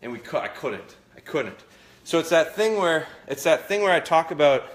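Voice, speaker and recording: A man's voice: fairly high pitch, expressive, normal speed. A man talking to viewers during a live dog training session, a bit out of breath, in a folksy, rambling way that repeats itself. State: out of breath, sweating.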